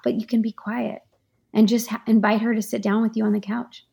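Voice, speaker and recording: Gravelly-voiced woman explaining practical advice. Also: on the high side, little pitch movement, normal speed, dark tone. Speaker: author and life coach, guest. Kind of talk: conversational interview.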